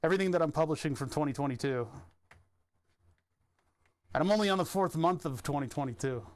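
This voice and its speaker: Rambling man streamer, slightly high voice. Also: lively intonation, a little fast. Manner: rambling, self-interrupting, chuckling. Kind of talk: casual stream chat.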